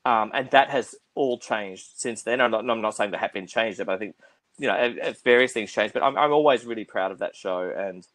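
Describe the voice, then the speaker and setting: A middle-aged Australian man speaking in a conversational interview over a video call. He talks fast and keeps restarting his phrases. His voice sounds dry, with no room around it. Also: lowish voice, a bit bright, no echo. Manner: fast-talking with frequent restarts. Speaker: theatre producer.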